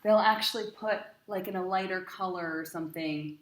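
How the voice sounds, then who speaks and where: A woman's voice: fairly low pitch, normal speed, echoey room. A woman cantor teaching a class, chatty and encouraging, asking her students questions. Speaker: cantor teaching Torah cantillation.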